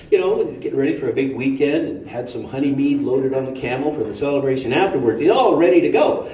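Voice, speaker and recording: A man giving a sermon in a storytelling way, animated and humorous. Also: fairly high pitch, moderate pace, few pauses. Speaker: speaker at a spiritual center. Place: hall of a spiritual center. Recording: roomy hall, distant mic, faint noise.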